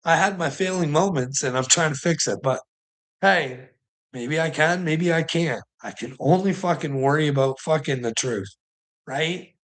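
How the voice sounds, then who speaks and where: A man's voice: a little high, moderate pace, a bit bright. A man hosting his own channel, rambling, swearing and laughing often as he mocks the clips he reacts to. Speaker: channel host.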